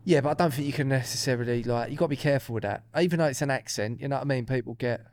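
Smooth-voiced man chatting on a podcast. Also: medium pitch, very fast, a little mellow. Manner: chatty, hedging, swearing. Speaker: podcast co-host. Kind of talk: casual banter.

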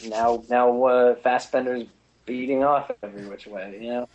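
A man trading jokes and quick quips with friends on a casual film podcast. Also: medium pitch, steady tone, a little mellow, muffled recording. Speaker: podcast co-host. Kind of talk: casual banter.

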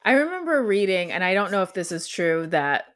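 A woman from Ohio with a Midwestern American accent, co-hosting a podcast in a relaxed, laughing, agreeable way. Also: on the low side, a little fast. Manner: laid-back, laughs often, agreeable. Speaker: podcast co-host. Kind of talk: casual chat.

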